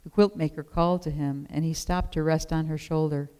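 A storyteller reading a children's tale aloud with expressive, measured pacing. The voice is smooth and clear, sitting at a middling pitch.

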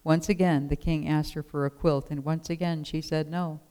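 A storyteller reading a children's picture book aloud in an expressive, measured way. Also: medium pitch, clean tone.

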